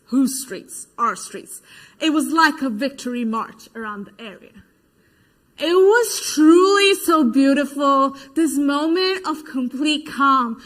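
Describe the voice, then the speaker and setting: Brief: an actress as a female protester witness, high voice, vivid stage retelling that acts out quoted voices. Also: sharp tone. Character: adult female protester giving eyewitness testimony. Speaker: stage actor. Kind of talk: verbatim theater monologue.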